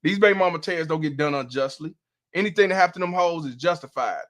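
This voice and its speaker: A man's voice: fairly high pitch, quick pace, fairly bright tone. A man hosting a live stream, reacting to a clip with blunt, profane commentary and frequent laughter. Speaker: host.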